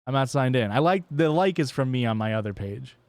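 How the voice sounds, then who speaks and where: A man's voice: medium pitch, lively intonation, brisk, a little mellow, no room sound. A man streaming a game live, chatting casually and joking with chat, often swearing playfully.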